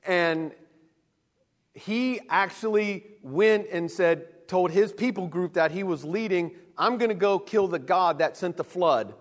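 High-voiced male pastor in a echoing hall. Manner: animated, acts out quick voices for God and people. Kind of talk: sermon. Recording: long reverb of a hall.

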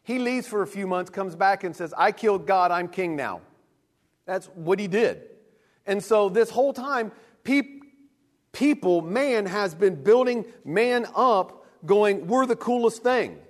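A man in his thirties preaching a sermon in an animated way, acting out quick voices for God and people. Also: high-pitched. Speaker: pastor. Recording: long reverb of a hall.

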